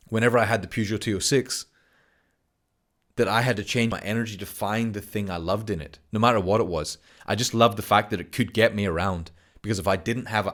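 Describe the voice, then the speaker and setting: A man with a fairly low voice talks through a self-help lesson. His delivery is earnest and unhurried. He breaks into short acted-out exchanges to illustrate his points. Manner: earnest, acts out little dialogues in others' voices. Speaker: self-help course teacher. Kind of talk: motivational talk to camera.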